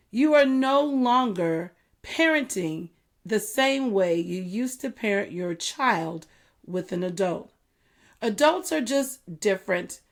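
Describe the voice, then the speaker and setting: Slow, earnest middle-aged woman. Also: medium pitch. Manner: earnest, measured, repeats key points slowly. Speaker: podcast host. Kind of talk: reflective solo talk.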